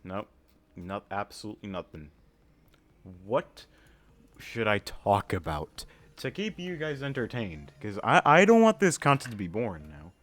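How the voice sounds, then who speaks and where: A man casually talking through a flight simulator game, thinking aloud with many pauses and filler words, and breaking into sudden excited outbursts. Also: lowish voice. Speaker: flight sim gamer. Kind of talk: casual gameplay commentary.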